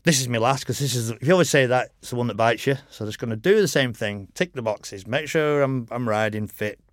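A middle-aged man, a racer appearing as a podcast guest, talks fairly quickly in a mid-range voice. The interview is casual, and he rambles through anecdotes, saying "you know" often and cursing openly. There's no room sound; it's dry and close.

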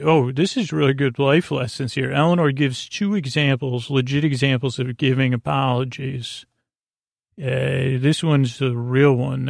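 A man hosting a sleep podcast, recapping an episode in a rambling, halting way with many filler sounds. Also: creaky, no room sound, clean studio sound. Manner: low-key, flat and meandering. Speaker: podcast host.

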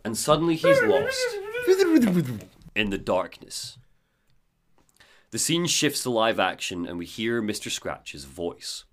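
Animated man recapping a game. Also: on the low side, takes it slowly, pauses often. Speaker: podcast host recapping a game. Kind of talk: casual chat.

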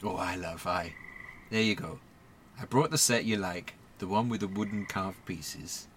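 A man's voice: deep voice, a little slow, fairly bright tone, slight background noise, pitched below the performer's own voice. A man doing a northern shepherd. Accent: attempted northern English. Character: rough-spoken male shepherd, proud and easygoing. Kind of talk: comedy podcast drama sketch.

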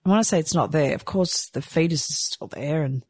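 A woman telling a personal story candidly and from the heart, rushing and restarting her sentences. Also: low-pitched, darkish tone, husky, dry recording. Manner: heartfelt, rushed, with frequent restarts. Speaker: storyteller sharing a personal experience.

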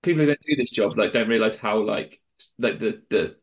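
A man co-hosting a casual chat, talking sympathetically in halting, restarting sentences. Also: on the low side, lo-fi sound. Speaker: co-host.

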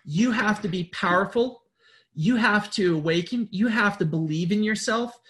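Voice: mid-range voice, moderate pace, fairly bright tone. A spiritual group leader gives a loose motivational talk to followers. The delivery is blunt and peppered with swearing. It rambles, doubles back on its own words and keeps pressing the listeners to act. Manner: blunt, profane, repetitive and rambling; insistent, urging listeners. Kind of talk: informal motivational address.

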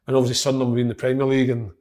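Fast-talking Scottish man telling stories. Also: medium pitch, monotone, a little mellow. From Scotland. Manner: sweary, storytelling, laughs often. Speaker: former footballer, podcast co-host. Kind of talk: casual chat.

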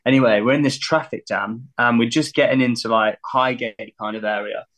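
Male musician, animated storyteller, mid-range voice. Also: mid-range voice, a little fast. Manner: animated, laughing storyteller who acts out quotes. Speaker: musician guest. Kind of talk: casual anecdote telling.

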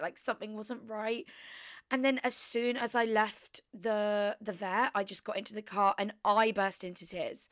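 A young woman talks through her week in a casual, confessional ramble full of fillers. Her voice is smooth and clear, sitting in the middle of the range. The recording is close and dry, with no room sound. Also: medium pitch, level tone, normal speed, dry recording. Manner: rambling, chatty, heavy use of "like". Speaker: podcast host.

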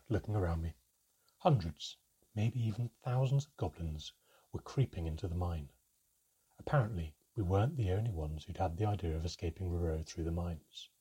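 Husky, low-voiced man narrating a storybook. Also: warm tone. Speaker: audiobook narrator. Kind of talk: first-person storybook narration.

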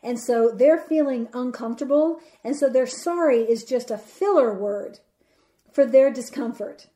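A woman hosting a solo podcast, talking earnestly with many pauses, fillers and restarts. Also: high voice, dark tone. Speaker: podcast host. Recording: roomy echoey sound.

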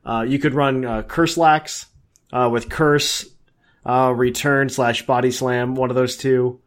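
A man co-hosting a casual podcast, who rambles eagerly and fills his speech with ums and uhs. His voice sits in an ordinary middle pitch. He keeps a loose, chatty flow. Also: flat delivery, unhurried. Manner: enthusiastic, rambling with many fillers. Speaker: podcast co-host. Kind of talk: casual chat.

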